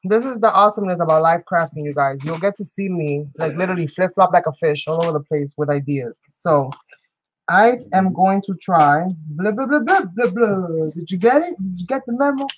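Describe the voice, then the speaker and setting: A woman's voice: on the low side, fairly quick, slight background noise, poor audio. A woman hosting a live crafting show, chatting playfully with viewers as she works and often breaking into giggles. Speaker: crafting channel host. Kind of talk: live crafting demonstration chat.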